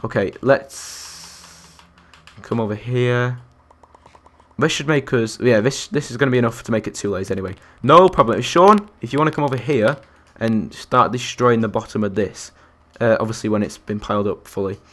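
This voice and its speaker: At a moderate pace and in a medium-pitched, slightly bright voice, a young man provides live gameplay commentary. He counts aloud and answers viewers and other players as he goes.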